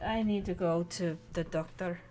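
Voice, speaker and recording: A woman's voice: lowish voice, noisy background, voice pushed down, lightly acted. Woman voicing a dazed, stammering injured woman. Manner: halting, stammering speech.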